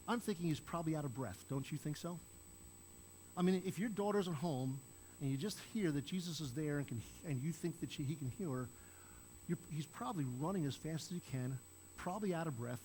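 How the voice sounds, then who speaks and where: An older man gives a sermon as pastor, speaking to his congregation conversationally, putting questions to them and acting out quoted lines in a raised voice. His pitch is fairly high and his tone darkish, on a rough recording with a little hiss or hum.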